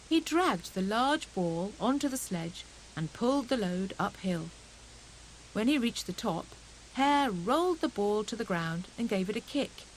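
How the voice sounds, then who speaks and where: A woman narrating a children's storybook audiobook in a gentle, expressive reading. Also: medium pitch, a little slow, slight background noise, low-quality recording.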